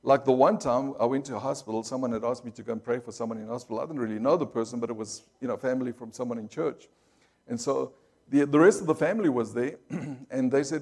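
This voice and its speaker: A man's voice: mid-range voice, brisk, darkish tone. A man preaching to his congregation in a sermon. He tells a personal story and slips into the voices of the people he quotes. He calls out to the listeners as he goes. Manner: storytelling, acting out quoted voices, audience call-outs. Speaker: pastor.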